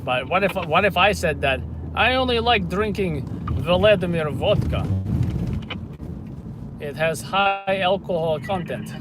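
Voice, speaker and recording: A man's voice: high-pitched, animated, unhurried, very noisy. A man putting on a Russian accent to play a vodka-loving man, with an exaggerated put-on delivery. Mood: boastful. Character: man, boastful about vodka.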